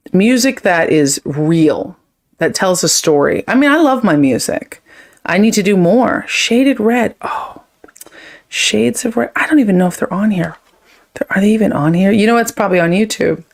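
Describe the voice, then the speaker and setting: A woman's voice: medium pitch, lively intonation. Chatty woman hosting a live stream. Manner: effusive, emotional, thanks viewers often; quick, chatty, drifts between topics. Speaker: livestream host. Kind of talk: casual live chat reading comments.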